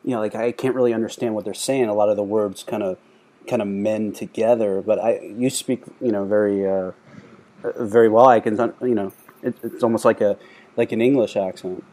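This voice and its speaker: Easygoing man with a mellow voice. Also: on the low side, steady tone, brisk. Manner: easygoing, hesitant questions with fillers. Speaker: host. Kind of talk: interview.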